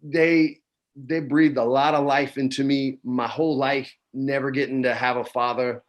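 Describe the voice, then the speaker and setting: A guest in his forties from New Mexico, USA, tells stories in a relaxed chat over a video call from home. He speaks in a mid-range voice at a normal speed, peppering his laid-back talk with "man" and "dude."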